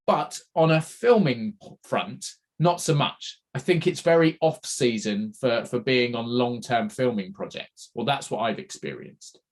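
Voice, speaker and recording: A man co-hosting a podcast, chatting casually in a measured, explaining way. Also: medium pitch. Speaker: podcast co-host and performer. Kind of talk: casual chat.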